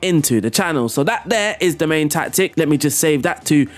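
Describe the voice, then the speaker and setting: A man casually explaining football video game tactics and commentating on replays in an excitable, chatty way, laughing at himself. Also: on the high side, a little fast, soft background music. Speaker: gaming YouTuber.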